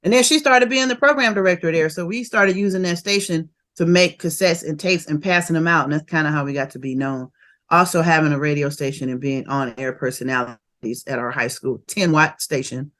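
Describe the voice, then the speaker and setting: A woman, a rapper telling stories of her early career in a casual interview, animated and quick to laugh. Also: low-pitched. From Oakland, California. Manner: animated and laughing, fast bursts of memories.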